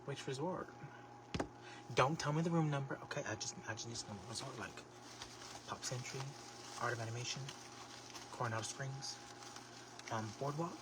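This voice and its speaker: A man hosting a casual craft livestream, chatting to viewers in a sassy, expressive way with lots of exclamations. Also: medium pitch, moderate pace, pauses often, recorded from a distance. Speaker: livestream host making a craft basket. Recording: steady background noise.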